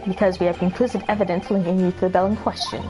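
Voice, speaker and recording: A smug, theatrical male detective, read by a woman who lays out his case in a grand, lecturing way. The voice sits a little low for a woman. Clear game music plays underneath. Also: fairly even intonation, racing, close to an everyday voice. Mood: triumphant.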